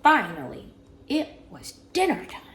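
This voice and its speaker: A woman reading a children's story aloud with an animated, expressive delivery over a video call. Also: mid-range voice, measured pace, slight background noise. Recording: roomy echo.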